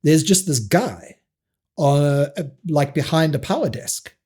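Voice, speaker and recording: A middle-aged South African man, a guest actor, telling animated stories in a casual interview, restarting often and laughing. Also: a little high, measured pace, slightly rough.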